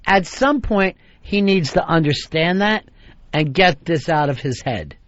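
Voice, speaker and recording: A man's voice: a little high, lively intonation, measured pace, a bit bright. A man hosting a radio talk show, rambling wryly and acting out the quotes he tells. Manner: wry, rambling, acts out quotes. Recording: dull lo-fi radio broadcast.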